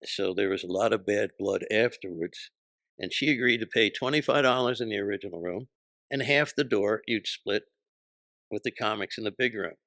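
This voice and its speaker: A man's voice: on the low side, normal speed, fairly bright tone, no room sound. An older man, a comedian guest, telling punchy, profane anecdotes and acting out voices in an interview. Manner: punchy, profane, acts out voices in his stories.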